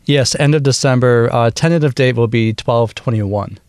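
A man in his thirties from Wisconsin with a Midwestern American accent, talking casually as a guest in a radio interview, relaxed and full of fillers. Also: medium pitch, moderate pace, clean tone, no room sound, studio quality. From Wisconsin, USA. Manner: relaxed, chatty, laughs easily, many fillers. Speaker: bandleader and woodwind player, guest.

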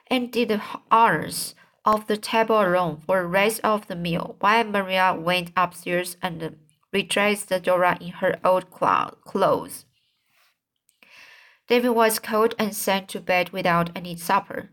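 A woman's voice: mid-range voice, measured pace. Woman reading a classic novel aloud. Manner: steady reading with occasional slips and restarts. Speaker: audiobook reader. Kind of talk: amateur audiobook reading.

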